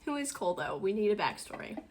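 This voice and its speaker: Speaking in a sing-song, quick-paced mid-range voice, this twenties-aged streamer chats casually at home during her dinner stream. She's talkative and giggles often, with slight background noise.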